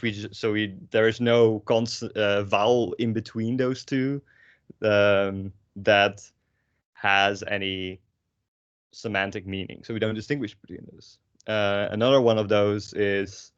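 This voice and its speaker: Dutch-accented young man, low voice, loose rambling lesson, dry dull lo-fi sound. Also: no room sound. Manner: relaxed, rambling, swears casually, many fillers. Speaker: Dutch language teacher. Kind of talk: casual language lesson.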